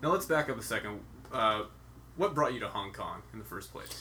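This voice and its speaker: A man's voice: on the low side, animated, brisk, sharp tone, slight background noise. A man interviewing a guest, giving brief prompts and wry asides, off-mic. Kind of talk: interview questions.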